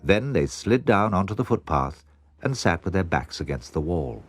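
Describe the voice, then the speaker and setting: A man narrating a children's storybook in an expressive, measured way. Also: low-pitched, soft background music. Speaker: audiobook narrator.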